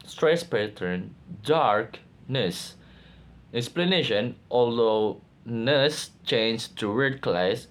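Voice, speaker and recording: A man reading out lecture slides for a class project in a slow, careful way, sometimes halting and restarting words. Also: mid-range voice. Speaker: student presenter.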